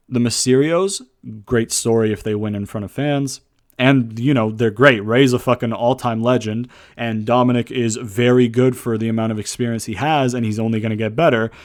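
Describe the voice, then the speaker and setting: Excitable swearing man ranting casually. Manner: animated, swears often, swings between loud outbursts and low asides. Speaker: wrestling show reviewer. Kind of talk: casual rant review.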